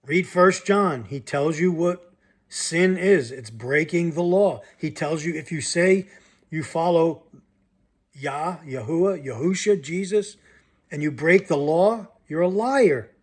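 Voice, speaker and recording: A man with a somewhat high-pitched voice reads scripture aloud, line by line. Between passages he stops to comment and press his listeners directly, in the manner of a sermon. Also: takes it slowly. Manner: reads verses aloud, then breaks off to comment and challenge listeners. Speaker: Bible teacher.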